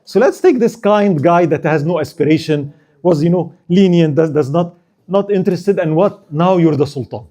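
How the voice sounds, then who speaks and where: A man voicing a clever, calculating medieval queen who thinks her plans through aloud in a soft, low voice. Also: normal speed, natural voice. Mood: scheming.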